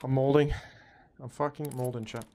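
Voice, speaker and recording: Streaming a shooter game, a man with a mid-range voice chats casually with his viewers at a normal speed. He's excitable, swears often, and calls everyone "bro."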